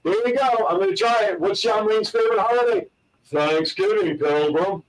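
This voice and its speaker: Upbeat co-host, man, high voice, sitting a little off the mic, playful joke teller. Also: fast talker, recorded from a distance, poor audio. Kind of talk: casual talk show banter telling dad jokes.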